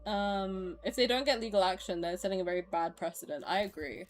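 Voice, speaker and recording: A woman streamer casually chatting with her viewers and reacting to their comments. She is excitable, swears freely and laughs often. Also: medium pitch, a little fast.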